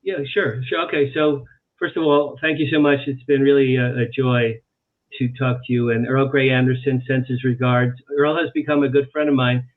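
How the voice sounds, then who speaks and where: A man, an author guest on an interview show, telling animated anecdotes and repeating phrases for emphasis. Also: medium pitch, moderate pace. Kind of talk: storytelling in a talk-show interview. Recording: tinny phone-like line.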